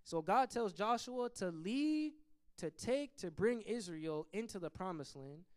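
A man teaching a church Bible study in an animated preaching style. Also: high voice, unhurried, clear, resonant tone. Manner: animated preaching, acts out complaining voices.

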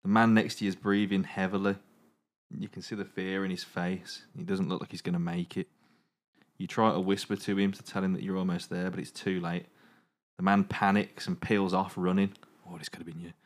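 A man's voice: sits low, little pitch movement, moderate pace. A man hosting a comedy podcast, reading a choose-your-own-adventure story aloud with dramatic narration broken by jokes.

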